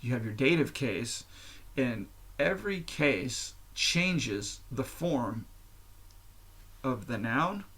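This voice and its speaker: A man's voice: mid-range voice, very animated, takes it slowly, fairly bright tone, husky. A man hosting his own podcast, talking alone in a candid, profane, rambling way. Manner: candid and profane, explains at length with fillers. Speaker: podcast host. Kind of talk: casual solo monologue.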